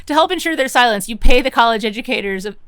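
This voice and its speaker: A woman's voice: on the high side, lively intonation, fast, fairly bright tone, clear, resonant tone, no echo. A woman reading game choices aloud, amused and laughing as she lists them. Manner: amused, laughing while listing options. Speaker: game player.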